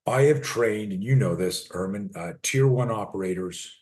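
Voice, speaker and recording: A man's voice: lowish voice, moderate pace, a little mellow. A man in his sixties, a personal defense coach, talks bluntly and emphatically in an interview, acting out short role-play scenes as he teaches. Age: 60s. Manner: blunt, emphatic, swears freely.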